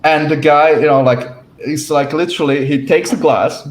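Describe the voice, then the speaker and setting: A man talks through a casual discussion in a halting way, full of fillers and restarts. His voice sits in an echoey room. A faint hiss runs underneath. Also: a little high, steady tone.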